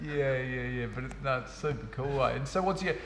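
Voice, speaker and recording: Laid-back New Zealand host, quick talker, recorded in a roomy gym hall. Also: male voice, medium pitch, crowd noise. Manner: laid-back, laughs a lot, slangy. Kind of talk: casual interview.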